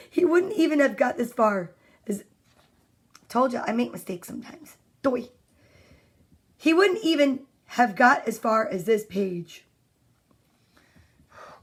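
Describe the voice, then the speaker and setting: High-voiced woman reading storybooks aloud. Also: husky. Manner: chatty, greets viewers by name between pages; playful, exclaims over the pictures. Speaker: children's story reader. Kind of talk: live-streamed storybook reading. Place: at home.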